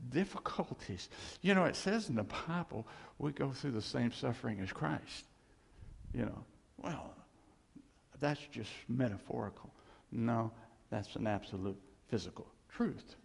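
A man preaching an informal sermon, animated and self-deprecating, with rambling asides. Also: medium pitch, creaky, breathy edge, long reverb tail.

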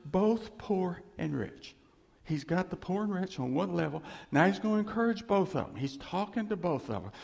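A man's voice: high voice, animated, measured pace, gravelly, darkish tone. A man preaching a conversational, emphatic sermon, acting out quoted voices. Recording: reverberant hall.

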